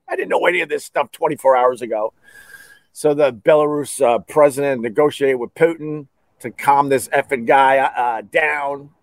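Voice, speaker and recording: A man's voice: medium pitch, no room sound. A man from the United States hosting a podcast, talking casually in a rambling, sarcastic, wisecracking way. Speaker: podcast host. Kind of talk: casual chat.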